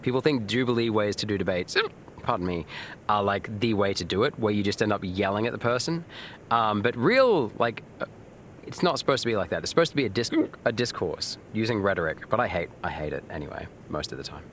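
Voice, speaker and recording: Man, deeper voice, live game streamer, rambling casual chat, reads viewer messages, faint background hiss. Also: animated, brisk, fairly bright tone. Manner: frequent fillers and restarts, swears now and then.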